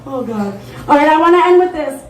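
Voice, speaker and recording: A woman's voice: high voice, lively intonation, brisk. A woman from the Midwest in her thirties doing a candid, rambling stand-up set at an open mic. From American Midwest. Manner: candid, rambling storytelling with many fillers. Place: bar stage at a live open mic. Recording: echoey live room.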